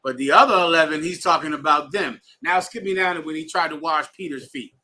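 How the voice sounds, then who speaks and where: A man's voice: fairly high pitch, brisk, pushed and bright. A man teaching a bible class to students in a room, emphatic and slangy, telling readers to keep going. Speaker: scripture class instructor.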